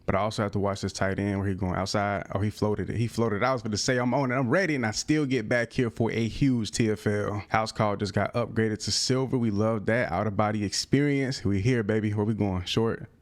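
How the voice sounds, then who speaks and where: Young male gaming creator, low voice, casual slangy play-by-play with flashes of frustration. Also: a little fast, few pauses. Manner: casual slang-filled talk, bursts of excited frustration. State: out of breath. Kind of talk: live gameplay commentary.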